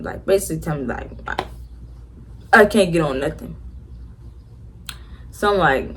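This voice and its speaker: A teenage girl tells a story to her viewers in a loose, chatty way. She uses a lot of slang, fillers and restarts, in a fairly low voice for a girl her age. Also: expressive, unhurried, long pauses, a little hiss or hum. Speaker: vlogger. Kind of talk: casual storytime.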